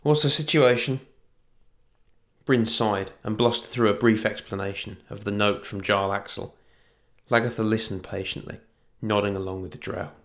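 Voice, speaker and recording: A man narrating a fantasy story in an even storytelling manner. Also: fairly low pitch, moderate pace.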